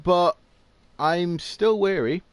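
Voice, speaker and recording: A man's voice: high voice, takes it slowly, smooth, dry recording. A man chatting casually on a game stream, chiming in with short, wry remarks. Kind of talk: casual gaming stream chat.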